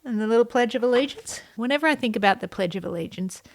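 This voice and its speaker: Woman, 30s, slightly high voice, chatty vlogger with dry whispered asides. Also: lively intonation, quick pace. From non-US, immigrant to the USA. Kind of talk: casual personal vlog narration.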